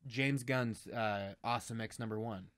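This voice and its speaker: Young male co-host, casual over-drinks banter, animated and foul-mouthed, middle pitch, dry close sound. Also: moderate pace, no echo. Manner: animated and profane, swears often.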